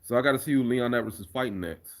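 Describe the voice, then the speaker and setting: Talking very fast in a medium-pitched voice, a man runs a casual live stream, rambling about fights and his remixes as he reads viewer comments and keeps restarting sentences.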